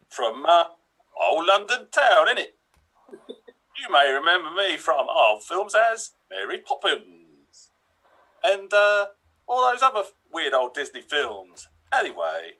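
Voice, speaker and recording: A man's voice: a little high, bright, forceful tone, full character voice, rough recording. A man in an improv comedy scene playing an American actor who puts on a hammy, mock-confident Cockney accent. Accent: put-on Cockney.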